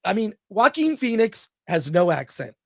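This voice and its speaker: A man hosting a film review show, chatting casually and excitedly, rambling as he thinks aloud. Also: sits high, moderate pace, creaky, no room sound, studio quality.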